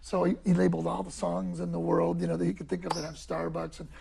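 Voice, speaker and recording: High gravelly-voiced man, animated. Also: fast talker, crowd noise. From Detroit, US. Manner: animated, joking, does voices and drum sounds. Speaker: guest drummer. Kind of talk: casual chat.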